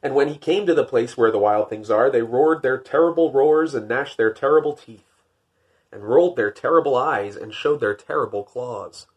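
A man reading a picture book aloud, lifting his voice for the narration and dropping to wry, deadpan jokes in between. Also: normal speed, husky, dull audio. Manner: wry, deadpan joking asides; rises for narration, drops low for asides. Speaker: podcast host.

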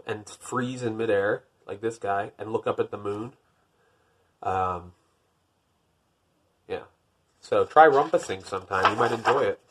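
Husky man with deadpan storybook asides. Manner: wry, deadpan joking asides; rises for narration, drops low for asides. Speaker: podcast host. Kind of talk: reading a picture book aloud with asides.

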